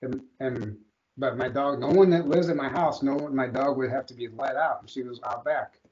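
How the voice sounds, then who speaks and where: A man, a guest on an interview show, telling a long personal story in a rambling, animated way with many restarts. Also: medium pitch, normal speed. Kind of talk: casual storytelling in a podcast interview. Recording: dull lo-fi audio.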